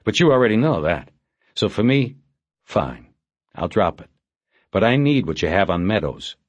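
A dogged, sardonic police detective, played by a man with a deep voice. He presses hard in a dry, clipped way. The sound is close and dead-dry. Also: sing-song, moderate pace, breathy edge, no room sound, highs cut off. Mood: wry.

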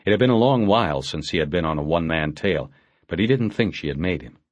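A man narrates a crime novel with a deep, low voice in a steady, measured delivery. The recording is close and dry, with no room sound. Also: dry recording, highs cut off. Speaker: audiobook narrator. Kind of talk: scripted narration.

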